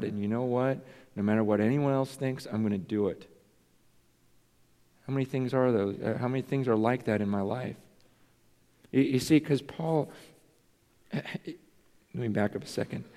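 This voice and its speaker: A man's voice: medium pitch, mellow. A man preaching a sermon as pastor, earnest and confessional, questioning himself aloud. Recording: long reverb in a large hall.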